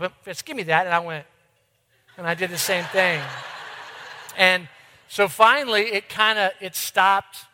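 Man, middle-aged, church ministry director, high voice, conversational sermon, self-deprecating, long hall reverb. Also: bright, forceful tone. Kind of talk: sermon storytelling.

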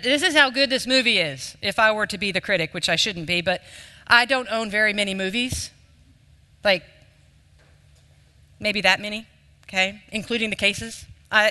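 A man's voice: high voice, sharp tone, clear, resonant tone. A man giving an informal, conversational sermon to a live room, self-deprecating in tone. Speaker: speaker leading a devotional. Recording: reverberant hall.

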